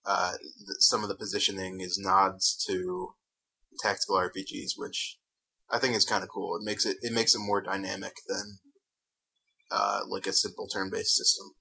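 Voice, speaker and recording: A man's voice: low voice, flat delivery, normal speed, vocal fry, sharp tone, slightly rough, low-quality recording. A man co-hosting a gaming podcast, rambling in an easygoing way with lots of fillers. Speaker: podcast co-host. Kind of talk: casual podcast chat about video games.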